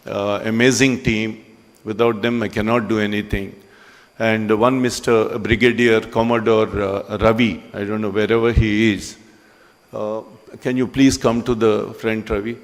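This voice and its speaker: A man giving a ceremony speech in a hall, conversational and halting with frequent pauses. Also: fairly low pitch. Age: 60s. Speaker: business owner speaking at a ceremony.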